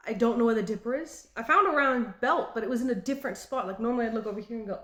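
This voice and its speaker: A woman from Australia in her late twenties or thirties, with an Australian accent, talking in a halting and reflective way in a personal vlog. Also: on the high side, a bit bright. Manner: halting and reflective, with frequent restarts. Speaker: vlogger. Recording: roomy echo.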